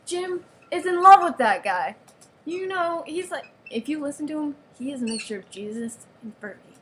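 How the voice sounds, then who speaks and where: A woman's voice: high-pitched, animated, normal speed, background noise. A woman giving a playful, mock-serious show-and-tell of a toy, with giggles and sarcastic asides. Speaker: vlogger showing off a toy.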